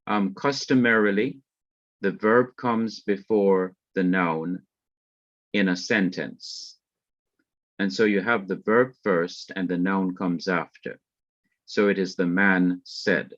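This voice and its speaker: Jamaican guy teaching hebrew, real slow and low, dull dry recording. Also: steady tone, fairly bright tone, no echo. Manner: slow, methodical, spells out terms. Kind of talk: classroom lecture. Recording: dull lo-fi, dry close sound.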